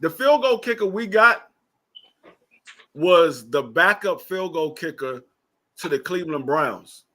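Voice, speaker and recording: A man's voice: a little high, animated, a little slow, pauses often, bright, forceful tone. A man in a casual football chat, teasing his co-host and explaining at length.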